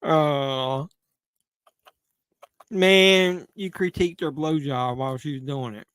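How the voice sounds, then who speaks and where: A man's voice: a little high, takes it slowly, a bit bright, clear, resonant tone, dry recording. A man hosting a live movie watch-along, making casual commentary full of crude jokes. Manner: crude joking banter. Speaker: live-stream host.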